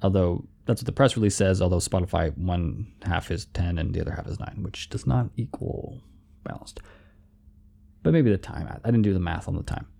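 A man's voice: sits low, moderate pace, creaky, mellow. A man hosting a music show, giving casual, rambling commentary with a playful, self-deprecating manner. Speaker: music show host and playlist curator.

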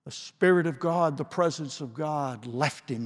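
With a slightly high voice, a man delivers a sermon slowly and dramatically, leaving long pauses as he moves from forceful declarations to hushed, quiet phrases. The recording carries the long reverb of a large hall.

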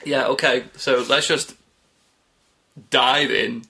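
Man, podcast co-host, casual chat, bright tense voice, mid pitch, laughs a lot. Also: fairly even intonation, slow, creaky. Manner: chatty, laughs often, trails off mid-sentence.

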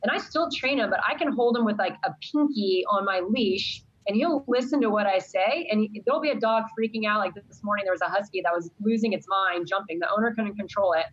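A woman's voice: mid-range voice, fairly quick, few pauses, dull audio. A woman who teaches college science, talking earnestly and with strong opinions in a casual chat.

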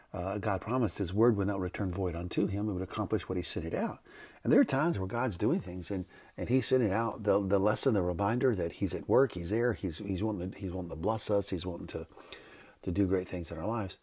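A man's voice: lowish voice, a little mellow, husky. An older man, a pastor, talking off the cuff on a devotional podcast, rambling and correcting himself as he goes. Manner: rambling, self-correcting, conversational. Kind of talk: unscripted devotional podcast talk. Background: background noise.

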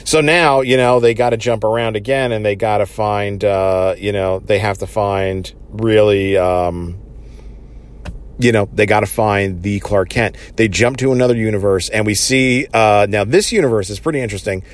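A man's voice: lowish voice, normal speed. A man casually recapping a TV episode, enthusiastic and rambling, with many fillers.

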